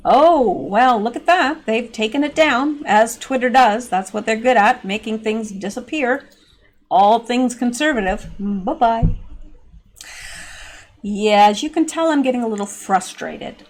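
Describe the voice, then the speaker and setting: Sarcastic woman with a higher voice. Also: unhurried. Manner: sarcastic, mocking, exasperated. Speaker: political commentary channel host. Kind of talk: opinionated political commentary.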